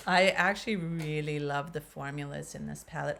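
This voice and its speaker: A Canadian woman in her fifties talks casually through a makeup tutorial, addressing viewers as guys and leaning on fillers. Her deep, creaky voice is a bit bright, with fairly even intonation and a moderate pace, hardly pausing; a little hiss or hum is audible.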